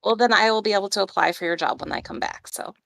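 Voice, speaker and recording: A woman's voice: medium pitch, fast talker, gravelly, fairly bright tone. A woman voicing a playful, cheeky young alien woman, a small-time criminal, with a slight put-on Russian-like accent.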